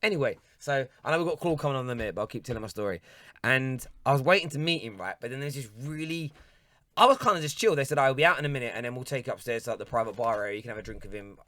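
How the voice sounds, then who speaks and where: A man's voice: mid-range voice, animated, sharp tone, no echo. A man in his late twenties, calling in to a fan show, telling rambling stories in casual chat. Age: late 20s. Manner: rapid rambling storyteller. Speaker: caller.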